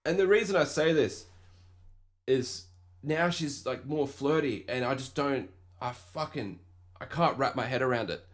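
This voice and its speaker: A man's voice: medium pitch, measured pace. A young Australian man hosting a podcast, telling a story in a rambling, profane rant and mocking the people he quotes. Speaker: podcast host. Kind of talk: casual ranting monologue.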